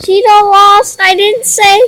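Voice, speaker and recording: Slow, high-voiced excited young woman. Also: low-quality recording. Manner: excitable, giggly, slow and drawn-out. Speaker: game player. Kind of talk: casual gameplay commentary.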